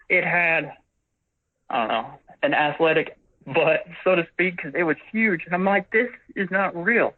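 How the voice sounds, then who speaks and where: Caller, man, forties, somewhat high voice, rambling storyteller, thin phone-line sound. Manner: rambling, acts out quoted dialogue. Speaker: witness caller.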